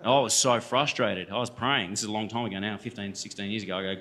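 Australian man, quick talker, ringing bright tone, jokey, talks straight to the crowd. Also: fairly low pitch, fairly even intonation. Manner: chatty, joking, addresses the audience directly. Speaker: guest speaker and musician. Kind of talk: storytelling talk to a church audience. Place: church hall.

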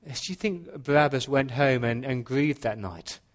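A man preaching a sermon in a church, earnest, slowing into quiet dramatic pauses. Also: mid-range voice. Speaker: pastor.

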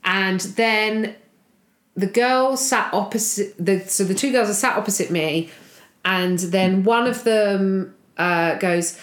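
Woman comedian telling a story, lively, acts out voices, kinda echoey room. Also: mid-range voice, slow. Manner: animated, acts out quoted voices. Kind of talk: casual storytelling chat. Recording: roomy echo.

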